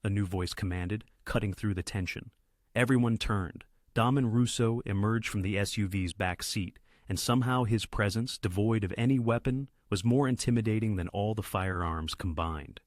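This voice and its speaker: Guy reading a thriller story, lowish voice, dry sound. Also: normal speed, no echo. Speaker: narrator. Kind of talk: scripted story narration.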